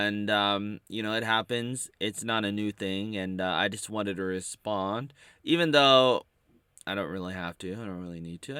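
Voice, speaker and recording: A man talking to camera in a casual, rambling monologue, halting and full of playful wordplay. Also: sits low, a bit bright, clear, resonant tone, no echo. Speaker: vlogger.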